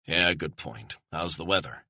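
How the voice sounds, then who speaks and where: A wary American operative who speaks in short, guarded lines, as a male narrator voices him. The voice is deep and husky with a sharp edge, recorded dry and close. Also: a little slow, no echo, exaggerated voice. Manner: terse, guarded.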